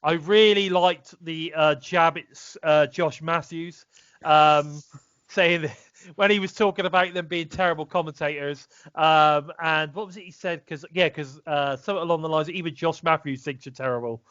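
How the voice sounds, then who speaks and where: A man's voice: fairly high pitch, fairly even intonation, normal speed, a bit bright, clean tone, no echo. A British man co-hosting a casual wrestling review podcast, rambling with many fillers and restarts. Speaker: podcast co-host. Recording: dull, slightly lo-fi dry sound.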